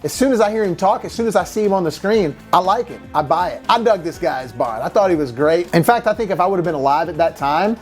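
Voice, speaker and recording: Male reviewer, high-pitched, casual and rambling, faint music bed. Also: lively intonation, quick pace, few pauses. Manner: chatty, rambling, self-deprecating asides. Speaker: movie review host.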